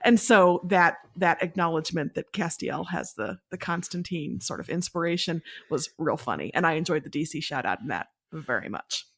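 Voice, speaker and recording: A woman's voice: low voice, animated, moderate pace, few pauses, a bit bright. Chatty woman co-hosting a podcast. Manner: enthusiastic and chatty. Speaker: podcast co-host. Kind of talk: casual chat.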